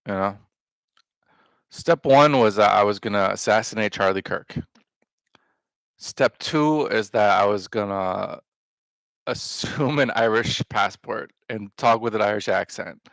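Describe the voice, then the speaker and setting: Low gravelly man musing offhand. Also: a little slow, long pauses, dry recording. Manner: deadpan, offhand, self-mocking. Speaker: livestream host. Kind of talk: casual rambling livestream commentary.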